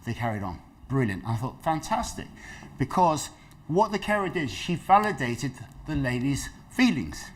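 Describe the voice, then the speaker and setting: A man's voice: mid-range voice, normal speed. A middle-aged man giving a dementia awareness talk, telling stories and acting out the people in them. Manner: lively storytelling, acts out quoted voices. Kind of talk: health talk to an audience.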